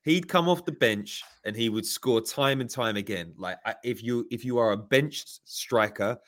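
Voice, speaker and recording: A man's voice: lowish voice, steady tone, moderate pace, a bit bright. Playful man asking questions. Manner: playful, asks probing questions. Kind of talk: casual chat.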